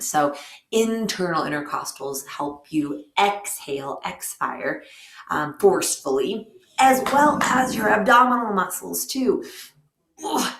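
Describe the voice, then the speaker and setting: A woman's voice: lowish voice, a bit bright. A woman biology teacher explaining a lesson to her students, with lots of ums and friendly asides. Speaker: high school biology teacher. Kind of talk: recorded remote lesson. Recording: echoey room.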